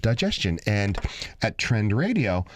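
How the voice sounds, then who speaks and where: A man co-hosting a radio show, chatting and telling funny stories in an animated, jokey way. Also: a little slow, a little hiss or hum. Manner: animated, jokey, lively pitch swings. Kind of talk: casual radio banter and storytelling.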